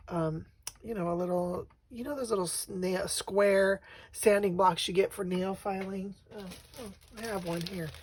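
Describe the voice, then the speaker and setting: A woman talking casually and reflectively through her craft journal pages, with frequent pauses and ums. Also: mid-range voice, a little hiss or hum. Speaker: crafting vlogger.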